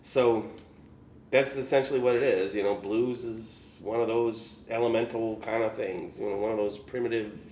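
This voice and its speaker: A male guest musician from the Chicago area tells gig stories in a casual, rambling way, full of "you know" fillers and chuckles. His voice is fairly low and darkish, with fairly even intonation and a moderate pace. The recording has a roomy echo and a little hiss or hum.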